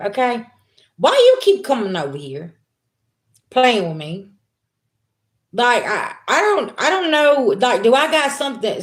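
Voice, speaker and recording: A woman speaks straight to her viewers as a spiritual reader, in a blunt, profane, animated manner. Her voice sits at an ordinary middle pitch. She rants and lectures in loose street talk. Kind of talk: casual spiritual reading monologue.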